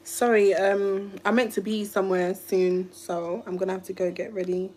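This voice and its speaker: A woman's voice: mid-range voice, flat delivery, normal speed, darkish tone, a little hiss or hum. A woman from the UK, a YouTuber, telling a rambling, emotional story on a live stream. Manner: emotional, rambling, restarts often. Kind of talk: casual livestream storytelling.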